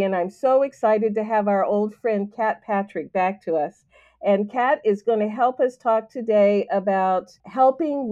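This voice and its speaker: An enthusiastic woman hosts a podcast, introducing and encouraging her guest in easy, casual talk. Her voice is mellow and relaxed, and the recording sounds muffled and lo-fi. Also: mid-range voice. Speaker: podcast host. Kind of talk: casual interview chat.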